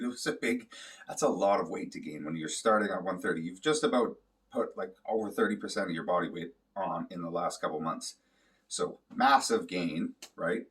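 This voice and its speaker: A man with a very low voice tells a loose, swear-filled story in a relaxed, meandering way. He sounds set back from the microphone. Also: recorded from a distance. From Canada. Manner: rambling, profane, loose with fillers. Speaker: vlogger. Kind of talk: casual storytelling.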